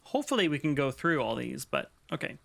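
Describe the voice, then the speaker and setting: A man's voice: medium pitch, big pitch swings, fairly quick, vocal fry, a bit bright. A man giving casual, hesitant gameplay commentary, thinking aloud as he streams.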